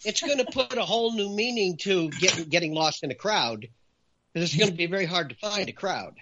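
Man, emphatic talk-show guest, very lively pitch, bright, sharp tone, dull lo-fi audio. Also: a little fast, slight background noise. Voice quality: raises voice for emphasis. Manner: animated, lists points in a punchy countdown.

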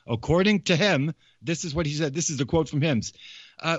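Male host, casual digressive monologue, keeps restarting sentences, slightly high voice, dry dull recording. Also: moderate pace, breathy edge, no echo. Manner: meandering, digressive, frequent restarts. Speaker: show host.

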